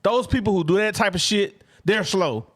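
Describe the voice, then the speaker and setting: A man co-hosting a sports podcast in casual chat, animated and repeating himself as he works through a point. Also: high voice, normal speed. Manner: animated, restarts a lot, mock-quotes trolls. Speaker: podcast co-host.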